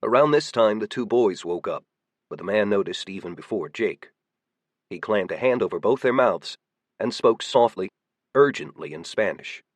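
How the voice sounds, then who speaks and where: A man giving steady, measured audiobook narration. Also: on the low side, no room sound.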